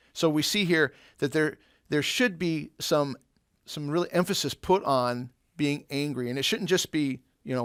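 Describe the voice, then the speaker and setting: A man's voice: a little high, a bit bright, dry recording. Man teaching a Bible lesson, dry close sound. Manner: conversational, explains with everyday examples and rhetorical questions.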